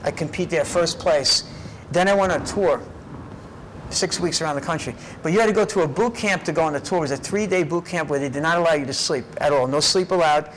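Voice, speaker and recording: A man in his fifties, an interview guest, tells animated stories from his life in a fairly high voice. He keeps checking in with a quick "right?", and a faint hum of room noise sits behind him. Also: poor audio. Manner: lively, tags phrases with "right?". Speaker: interview guest, karate teacher. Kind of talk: animated personal storytelling. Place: karate gym.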